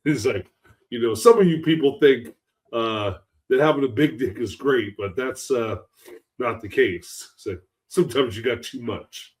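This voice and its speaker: A man's voice: medium pitch, measured pace. A podcast co-host with an ordinary mid-range voice joins in with easy, casual chat. He speaks in a laid-back way and often brings up comedy references.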